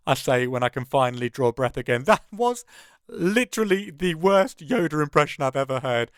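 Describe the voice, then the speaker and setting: A man narrates his own novel in first person with a smooth, resonant, fairly high voice. His delivery is wry and conversational. The recording is dry and close. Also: animated, moderate pace, no room sound.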